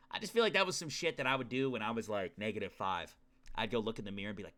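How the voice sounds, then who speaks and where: A man streaming a game, joking around in slangy, excitable commentary. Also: on the low side, brisk, pauses often. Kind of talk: casual let's-play commentary.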